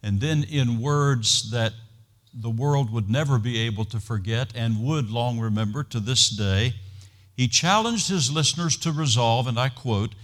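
A man preaching a sermon to his congregation in a measured, earnest way that builds in intensity. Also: medium pitch, fairly bright tone. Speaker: pastor.

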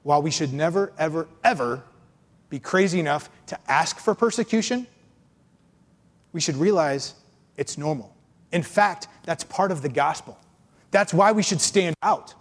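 Animated man preaching in a hall. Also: on the high side, normal speed, long pauses. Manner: animated, acts out complainers in mocking voices. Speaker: pastor. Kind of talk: sermon. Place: church.

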